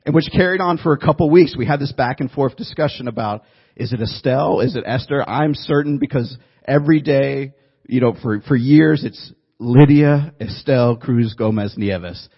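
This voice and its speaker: Husky-voiced man preaching conversationally. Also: medium pitch, brisk, dull audio. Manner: conversational storytelling, joking with the audience. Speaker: pastor. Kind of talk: sermon. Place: church room before a congregation.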